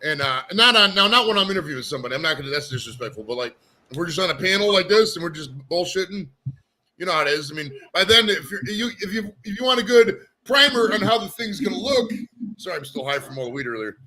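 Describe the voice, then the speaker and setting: A man's voice: high voice, expressive, fast talker, sharp tone, rough recording. Loose, swearing livestream host man. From Ohio. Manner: loose, rambling, swears a lot. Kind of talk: casual livestream chat.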